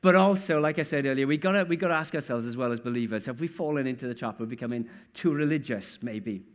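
A man's voice: mid-range voice, quick pace. A man preaching a sermon in a church in a conversational way, often putting questions straight to his listeners.

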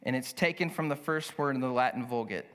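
A male pastor preaching a sermon, reading scripture slowly and speaking in an earnest, emphatic way. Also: medium pitch, fairly bright tone. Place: church sanctuary. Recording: long church hall reverb.

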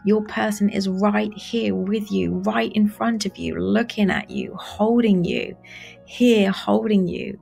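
A woman guiding a meditation in a soft, soothing voice, slowly repeating gentle phrases. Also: mid-range voice, creaky. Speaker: meditation guide. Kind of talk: guided meditation. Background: soft instrumental music.

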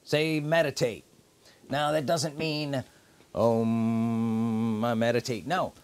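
A man preaching a sermon, emphatic, repeating key phrases with drawn-out pauses. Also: fairly high pitch.

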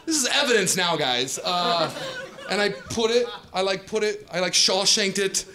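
A man in his forties doing a stand-up comedy set on a club stage, acting out dialogue in animated storytelling, with an audience laughing behind him. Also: high-pitched, moderate pace. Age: 40s. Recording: live club audio with crowd laughing.

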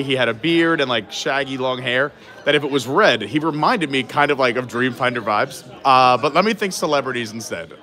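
A man's voice: medium pitch, bright, forceful tone. A man hosting a live stream from outdoors at a theme park, chatting casually and thinking aloud with plenty of fillers.

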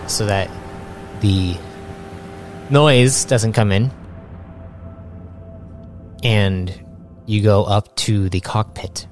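A man narrating a tabletop game as game master, halting with many restarts. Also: lowish voice.

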